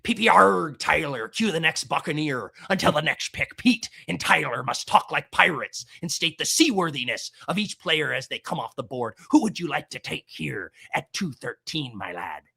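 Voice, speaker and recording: A male host in casual live-stream chat, talking in quick, laughing banter. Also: fairly high pitch, lively intonation, vocal fry, pushed and bright, husky.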